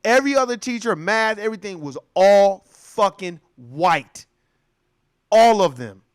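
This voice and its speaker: A young adult man with a high-sitting, clear, resonant voice talks a little slowly, recorded dry at studio quality. As a commentator, he spins stories in a casual, profane monologue, animatedly acting out other people's voices.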